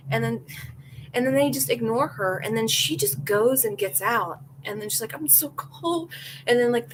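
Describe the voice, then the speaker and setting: A woman's voice: fairly high pitch, a little hiss or hum, rough recording. A young woman hosting a podcast, chatting candidly and with strong opinions, often acting out what other people said. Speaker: podcast host. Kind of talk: casual chat reacting to live comments.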